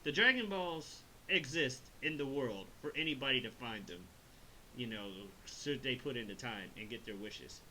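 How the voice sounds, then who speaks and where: Bright-voiced, rambling man reviewer. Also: medium pitch, normal speed, slight background noise, poor audio. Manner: rambling, swearing, laughs often. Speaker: host reviewing an animated film. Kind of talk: casual chat review.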